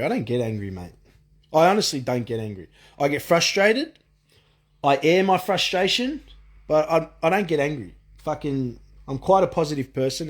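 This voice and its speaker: A man delivering a frustrated, profane monologue rant full of restarts. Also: mid-range voice. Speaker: vlogger. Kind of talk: ranting monologue.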